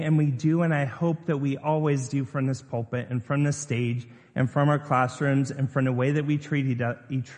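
A man's voice: a little high, a little mellow. A man preaching a sermon as pastor, chatty and conversational, putting questions to his congregation. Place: church sanctuary. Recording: long reverb of a church hall.

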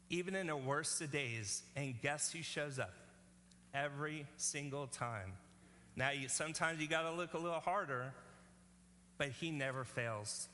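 A man's voice: a little high, sharp tone, in a large hall, slight background noise. A male pastor preaching a sermon in an earnest, conversational way, often checking in with the congregation.

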